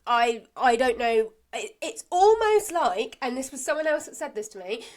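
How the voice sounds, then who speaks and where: A woman's voice: high voice, big pitch swings, moderate pace. A woman co-hosting a podcast, chatting casually as she recaps a soap, laughing often and acting out characters' lines. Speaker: podcast co-host.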